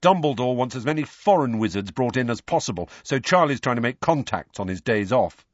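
A man's voice: medium pitch, animated, fairly quick, no echo, dull audio, pitched above the performer's own voice, close to an everyday voice. A man voicing a chatty confiding teenage twin. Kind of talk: audiobook character voice.

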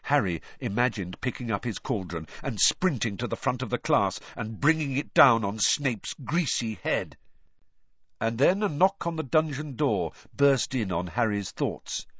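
A man reading a story aloud with expressive, varied narration. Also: medium pitch, breathy edge, dry recording, dull audio. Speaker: audiobook reader.

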